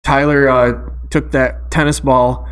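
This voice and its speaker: A young man co-hosting a casual sports chat, telling high school stories and acting out the people in them. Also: unhurried, smooth. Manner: animated storytelling, acting out quotes. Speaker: podcast co-host.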